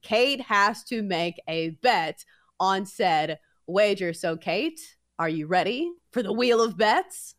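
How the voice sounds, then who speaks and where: Playful, lively woman co-host. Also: medium pitch, takes it slowly. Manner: playful, sing-song game-show hype. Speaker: podcast co-host. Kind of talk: casual sports betting chat.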